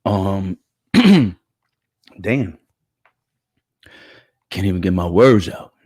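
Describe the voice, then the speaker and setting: A man's voice: deep voice, very animated, very slow, darkish tone, breathy edge, no room sound, studio quality. A man hosting a casual live commentary show with a stuffy nose and a catching throat, calling out chat viewers by name in slangy talk. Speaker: livestream show host.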